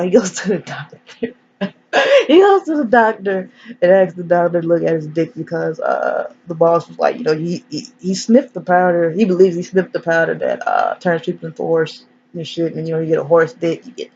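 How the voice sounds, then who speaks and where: A woman's voice: lowish voice, expressive, normal speed, a little mellow, breathy edge. A woman recapping a movie in a rambling, profane way, acting out the characters as she goes. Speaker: movie reviewer. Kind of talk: casual spoiler recap. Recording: dull lo-fi sound, faint hiss.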